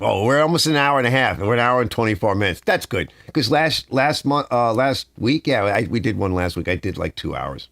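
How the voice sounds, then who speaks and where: A low-voiced older man talks casually on his live stream from a home garage. He rambles through his stories with a lively, swooping delivery, and the sound is close and dry. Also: quick pace, gravelly, hardly any pauses, no echo. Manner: rambling, animated storytelling. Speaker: livestream host.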